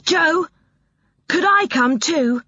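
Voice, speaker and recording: A woman voicing an eager, excitable young boy in a storybook reading, with breathless, pleading lines. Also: high-pitched, takes it slowly, slightly rough, no echo, voice pushed up, full character voice. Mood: begging. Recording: dull lo-fi audiobook recording.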